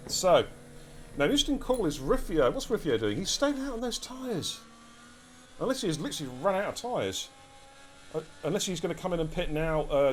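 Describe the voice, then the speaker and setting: A man with an English accent giving lively, chatty live commentary on an esports race and talking to his chat as he goes. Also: a little high, slight background noise. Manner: energetic, chatty, addresses chat directly.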